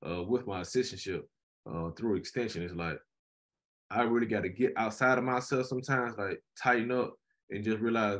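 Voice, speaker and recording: A man's voice: fairly low pitch, normal speed. A young man, a graduate student, co-hosting a casual podcast chat and telling stories animatedly. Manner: animated storyteller, frequent "you know what I'm saying".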